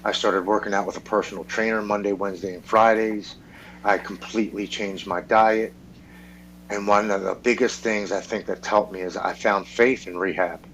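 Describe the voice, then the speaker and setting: A man with a fairly low voice tells his personal story frankly on a podcast. He swears freely and acts out what the other people in his story said. A faint hum sits under the recording. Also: steady tone, moderate pace, fairly bright tone, rough recording. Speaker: podcast guest.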